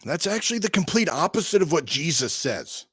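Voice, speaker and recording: A man's voice: fairly high pitch, a little fast, husky, no room sound, clean studio sound. A man co-hosting a casual talk show, rambling through opinions with many restarts. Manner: rambling, frequent restarts and fillers, animated. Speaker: podcast co-host.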